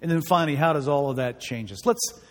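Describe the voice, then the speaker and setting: Earnest high-voiced male pastor. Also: quick pace. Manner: earnest, emphatic, repeats key words. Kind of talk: sermon with prayer. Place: church hall. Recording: long hall reverb.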